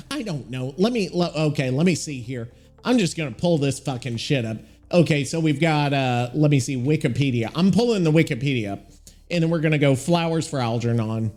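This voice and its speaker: A male podcast host with a fairly high voice talks in a loose, profane ramble, trailing off and restarting as he searches for things on screen. Faint music sits quietly underneath. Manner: rambling, profane, thinks aloud while looking things up. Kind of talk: casual solo podcast chat.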